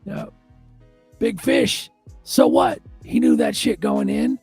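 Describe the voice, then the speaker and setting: Give me an excitable man with a heavy gravelly rasp, cursing through a casual chat. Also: very high-pitched, takes it slowly, soft background music. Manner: animated, excitable, swearing. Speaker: podcast co-host.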